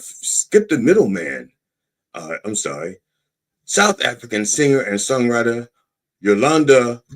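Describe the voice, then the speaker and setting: A man as a middle-aged podcast host with a low, slightly husky voice that rises and falls in wide, lively swings. He reads news aloud, then breaks off into profane, sarcastic asides with a mock-preacher flair. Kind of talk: irreverent satirical commentary.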